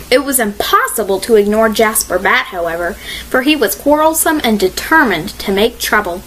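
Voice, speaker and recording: Female audiobook narrator, measured, expressive, a touch high. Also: a little hiss or hum, rough recording.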